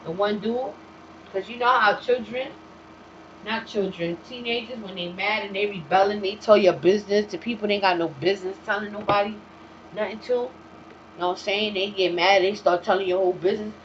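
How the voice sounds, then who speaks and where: A woman's voice: medium pitch, steady tone, a little fast. A woman host talks in a loose, unscripted monologue, blunt and heavy with profanity. Her streetwise storytelling comes through a dull, slightly lo-fi recording with a faint hiss behind it. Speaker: talk show host. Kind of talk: casual monologue.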